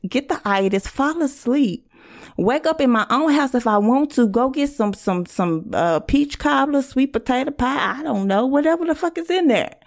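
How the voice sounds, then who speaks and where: A woman's voice: high-pitched, expressive, moderate pace. A woman hosting a casual podcast, blunt and profane, acting out quoted arguments. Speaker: podcast host.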